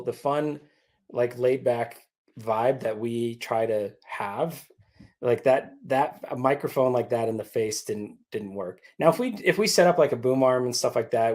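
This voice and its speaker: A man's voice: medium pitch, normal speed, a little mellow. A man guesting on an interview, explaining things in an easygoing, conversational way with frequent restarts. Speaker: podcast co-host guest. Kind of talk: casual interview chat.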